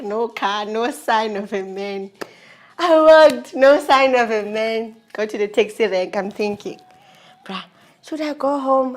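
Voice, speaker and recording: Animated South African woman vlogger. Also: mid-range voice. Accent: South African English. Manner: animated, laughing often, slangy. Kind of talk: storytelling about her marriage.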